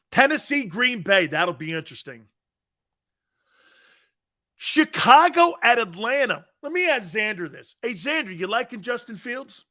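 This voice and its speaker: A man's voice: sits high, bright, forceful tone. A middle-aged man hosting a sports talk show, joking with his crew, laughing often and restarting his sentences.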